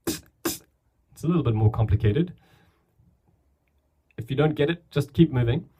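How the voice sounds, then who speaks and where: A young man with a slightly husky voice talks a viewer through beatbox sounds into his camera mic. He is relaxed and chatty, and his explanations wander and restart as he goes. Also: mid-range voice, a little slow. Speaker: beatbox teacher. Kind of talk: casual tutorial. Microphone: camera mic, filming himself.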